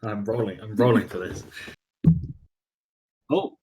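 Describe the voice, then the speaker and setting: A man playing a tabletop role-playing game, making dry, deadpan remarks and calling out his dice rolls. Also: on the low side, slow pace, slight background noise. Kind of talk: casual tabletop role-play chat.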